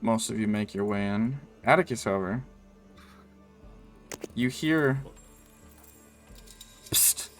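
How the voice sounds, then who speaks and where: Narrating a tabletop game, the game master speaks in a lowish voice, rambling loosely with many ums and likes. He's unhurried, leaves long pauses, and faint music plays in the background.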